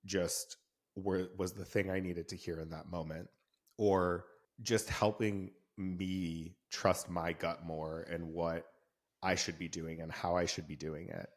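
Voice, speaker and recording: A man hosting a podcast who reflects on his guest's words in a measured, candid way. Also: deep voice, flat delivery. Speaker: podcast host. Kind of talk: conversational podcast interview.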